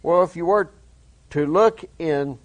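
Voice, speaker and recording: A man preaching a sermon, reading a psalm aloud and explaining it in plain, folksy words to his listeners. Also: fairly high pitch. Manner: reads scripture slowly, explains in plain everyday speech.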